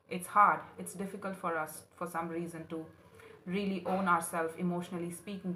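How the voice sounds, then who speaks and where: This tarot reader's voice sits fairly low, with a bright, forceful tone. Reading the cards for her viewers, she is earnest and emotional and addresses the listener as honey, while the room adds a roomy echo and faint noise.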